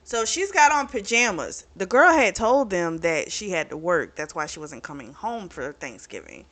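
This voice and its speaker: A woman's voice: fairly low pitch, big pitch swings, a bit bright. A woman book reviewer casually retelling a novel's plot, chatty and laughing often, with lots of "you know" and "like" fillers, briefly voicing the characters' lines. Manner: acts out characters' lines in quick asides.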